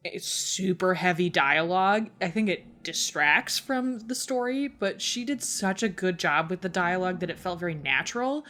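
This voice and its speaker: A woman's voice: fairly low pitch, expressive, normal speed, hardly any pauses, a bit bright. A young woman co-hosting a podcast, chatting casually about books, with frequent laughter, lots of "like" and some swearing. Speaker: podcast co-host. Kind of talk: casual book chat.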